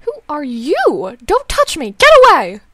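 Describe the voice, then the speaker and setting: Woman playing a confused elderly mother, high shrill voice, quavering, fretful. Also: big pitch swings, a little slow, no room sound. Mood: panicked. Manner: quavering, fretful, then panicked shrieking.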